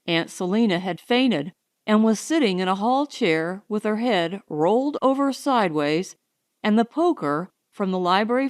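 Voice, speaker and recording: A woman narrating a novel as an audiobook in a measured, expressive way. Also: medium pitch.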